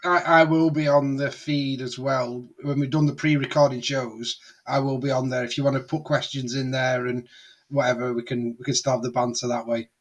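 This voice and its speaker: A man co-hosting a sports podcast, chatting casually in a relaxed, slightly halting way. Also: mid-range voice. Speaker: podcast co-host. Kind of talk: casual chat.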